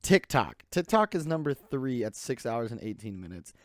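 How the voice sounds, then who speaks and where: A man's voice: medium pitch, big pitch swings, moderate pace, no echo, studio quality. A young man hosting a podcast alone, rambling casually with lots of "like" fillers. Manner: rambling, loose, full of "like" fillers. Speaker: podcast host. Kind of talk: casual solo podcast chat.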